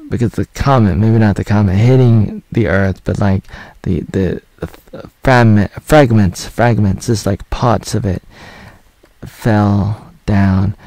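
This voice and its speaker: A man's voice: on the low side, creaky, mellow, dry recording. A man in his thirties giving a loose, rambling spoken review of a series, full of fillers and half-finished thoughts. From United States (Oregon). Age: 30s. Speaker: video reviewer. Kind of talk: casual spoken review over footage.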